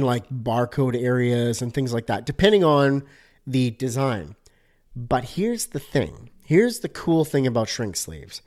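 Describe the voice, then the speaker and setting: A man's voice: medium pitch, darkish tone. A man hosting a casual solo podcast about design, upbeat and chatty, with many fillers.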